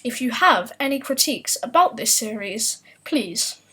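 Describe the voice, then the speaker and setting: Woman host, wry and sarcastic, fairly high and a touch husky. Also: lively intonation, unhurried, bright, forceful tone, low-quality recording. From United Kingdom. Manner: wry, self-mocking, sarcastic asides. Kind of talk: comedic scripted explainer.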